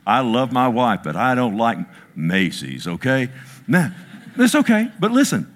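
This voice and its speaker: His pitch swooping wildly, a pastor in his sixties preaches to a congregation, alternating loud, high bursts with slow, deep emphasis and self-deprecating asides.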